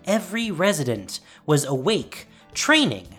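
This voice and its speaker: Audiobook narrator: a woman with a low, expressive voice, varied pitch. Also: unhurried, slightly rough. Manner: expressive storytelling. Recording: faint music behind.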